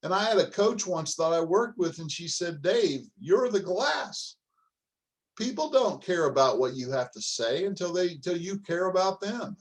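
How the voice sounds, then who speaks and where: A man's voice: high-pitched, lively intonation, normal speed, hardly any pauses. A middle-aged man giving a motivational coaching talk on leadership, emphatic and direct, firing off rhetorical questions and calling his listeners folks.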